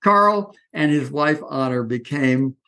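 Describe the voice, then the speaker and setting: A man's voice: fairly high pitch, slow pace. Older man in his eighties, spirited raconteur who slips into other people's voices mid-story. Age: 80s. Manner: lively anecdotal, acts out quoted voices, frequent restarts. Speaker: interview guest. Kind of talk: reminiscing storytelling.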